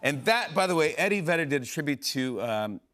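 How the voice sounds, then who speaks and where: A man in his forties hosting a talk show, telling an excited, rambling story full of fillers and quick impressions. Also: fairly high pitch. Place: television studio.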